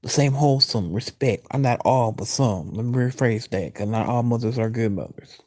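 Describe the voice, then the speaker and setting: A man's voice: mid-range voice, normal speed, darkish tone. A man giving blunt, profane, casual commentary as he reacts to a clip. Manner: blunt, profane street talk.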